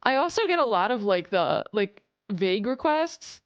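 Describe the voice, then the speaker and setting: A woman's voice: mid-range voice, sing-song, moderate pace, no echo, lo-fi sound. A woman streaming live, chatting casually with viewers, reading chat aloud and swearing as she acts out customers.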